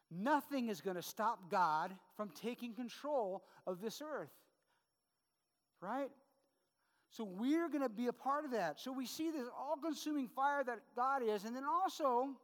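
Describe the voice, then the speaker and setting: A middle-aged man preaching a sermon as pastor, conversational and full of quick "right?" asides to the congregation. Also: very high voice, lively intonation, long reverb tail.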